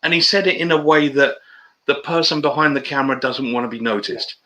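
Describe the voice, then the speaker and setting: Bright-voiced chatty man. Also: on the high side, fairly quick, low-quality recording. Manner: chatty storyteller, matey banter. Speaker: guest. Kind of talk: casual interview chat.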